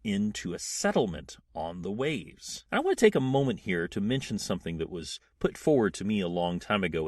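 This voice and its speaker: Male podcast host who retells stories, husky, with a voice that swings widely. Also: mid-range voice, dry recording, studio quality. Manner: animated storyteller, acts out quotes. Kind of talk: comic book retelling.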